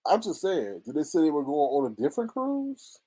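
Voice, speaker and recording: A man with a slightly high, breathy-edged voice talks a little fast while gossiping casually on a livestream. He reads the chat and keeps things dramatic and animated, laughing frequently.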